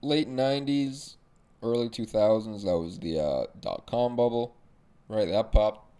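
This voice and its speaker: A man's voice: on the low side, normal speed, warm tone, smooth. A young man hosting a podcast, ranting casually and sarcastically with frequent swearing. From Arab background. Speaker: podcast host. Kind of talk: casual monologue rant.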